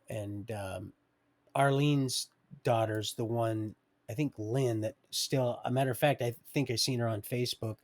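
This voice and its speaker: A middle-aged livestream storyteller rambles through his personal history, wandering off on tangents and chuckling along the way. He speaks in a lowish voice with vocal fry.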